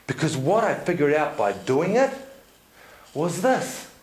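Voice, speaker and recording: A man giving a seminar talk to an audience, telling stories in an animated way, laughing often and checking in with "yeah?". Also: fairly high pitch, measured pace. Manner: animated storyteller, laughs often, tag questions. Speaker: seminar speaker. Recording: echoey room.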